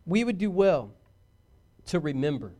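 A man preaching a sermon as pastor, swinging from shouted points to hushed asides and talking directly to his congregation. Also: on the high side, sing-song, measured pace.

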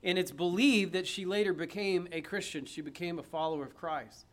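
A man's voice: high voice, fairly quick. A man preaching an emphatic sermon, reading scripture aloud and putting rhetorical questions to his listeners.

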